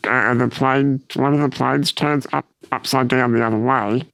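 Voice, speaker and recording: A man with a gravelly, fry-edged voice walks through a film's scenes in order during casual podcast chat, now and then checking his notes. The sound is dry and close. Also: medium pitch, fairly even intonation, normal speed, fairly bright tone, no room sound. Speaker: podcast co-host. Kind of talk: casual chat recapping a film.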